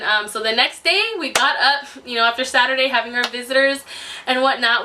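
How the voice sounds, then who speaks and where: A young woman tells her story straight to camera in a casual, chatty way, laughing easily and filling her pauses with ums and you-knows. Her voice is bright and on the high side, picked up from a little way off the mic. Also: recorded from a distance, poor audio. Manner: chatty and animated, quick laughs, many fillers. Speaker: vlogger sharing her birth story.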